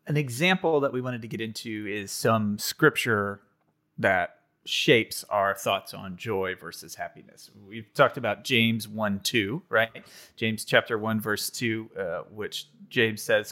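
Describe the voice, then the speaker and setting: A man co-hosting a faith podcast, explaining scripture verses in a steady, thoughtful way. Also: lowish voice, unhurried. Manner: explanatory, working through scripture. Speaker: podcast co-host.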